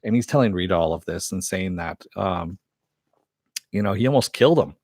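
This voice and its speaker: A man's voice: sits low, animated, brisk, a little mellow, no echo, clean studio sound. A man recapping a TV episode in a rambling, casual way, full of fillers and quoted lines. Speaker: TV episode reviewer.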